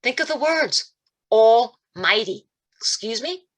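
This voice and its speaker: A woman giving a spiritual talk over a video call, telling stories and acting out quoted voices with big jumps in pitch. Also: moderate pace, sharp tone. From Italian-American, Calabrese roots. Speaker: guest speaker.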